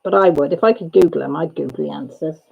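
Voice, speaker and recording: A woman's voice: deep voice, quick pace, creaky, breathy edge, phone-quality sound. A woman hosting a livestream, chatting casually and gossipily with viewers and laughing often. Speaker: livestream host. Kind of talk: casual chat with live viewers.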